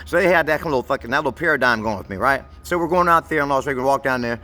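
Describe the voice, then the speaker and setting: A man's voice: mid-range voice, rapid-fire, bright, forceful tone. A man telling a long, meandering story to the camera in a profane, rambling way, often stumbling and repeating words as he searches for what to say. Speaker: vlogger.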